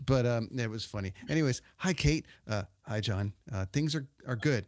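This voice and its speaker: A man's voice: medium pitch, expressive, moderate pace, hardly any pauses, darkish tone, no echo, studio quality. Rambling man hosting a chat show. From Ontario, Canada. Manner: rambling, many fillers and restarts. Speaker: podcast host. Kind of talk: casual interview chat.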